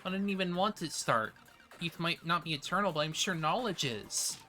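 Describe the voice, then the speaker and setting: Anxious child afraid of mother's tears, plain even read, bright voice, read by a streamer. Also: mid-range voice, moderate pace, soft background music. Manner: reading game dialogue aloud in a plain, even way.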